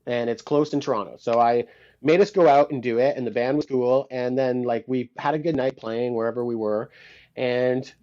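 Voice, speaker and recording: A man's voice: mid-range voice, normal speed. A man being interviewed as a guitarist and producer, telling stories in a casual way and acting out what people said, with some swearing. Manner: animated, acts out quoted dialogue, swears casually. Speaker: guest musician, guitarist and producer. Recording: dull lo-fi sound.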